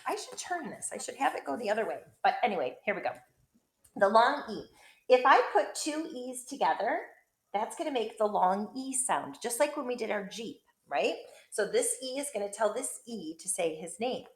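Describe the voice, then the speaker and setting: Animated woman teacher in an echoey room. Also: on the high side. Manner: encouraging, talks while drawing and pointing. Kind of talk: remote classroom lesson.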